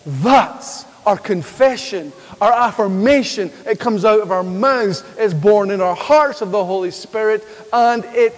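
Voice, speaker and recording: A man preaching a sermon in church, building to emphatic declarations and drawing answers from the congregation. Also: high-pitched. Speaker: pastor. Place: church hall. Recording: reverberant church hall.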